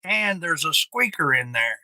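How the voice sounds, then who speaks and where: Male stream host, unhurried and profane, bright higher-pitched voice, loose rambling delivery. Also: very animated, a little hiss or hum. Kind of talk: casual live stream chat.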